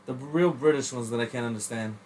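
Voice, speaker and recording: A man co-hosting a casual podcast while high, talking in a relaxed, rambling way. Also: a little fast. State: high on cannabis. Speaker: podcast co-host. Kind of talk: casual chat.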